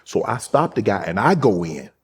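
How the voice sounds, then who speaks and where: Husky-voiced man telling a family story. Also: on the low side, big pitch swings, normal speed. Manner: soft, storytelling, drops quiet when emotional. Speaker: host. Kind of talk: casual interview chat.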